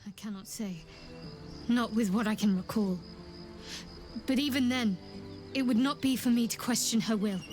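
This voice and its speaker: Casting: actress for a guarded, wry female cleric in a game, measured and quietly firm. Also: a little high, soft background music, lightly acted. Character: secretive young female cleric, guarded and dutiful. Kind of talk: video game voice acting.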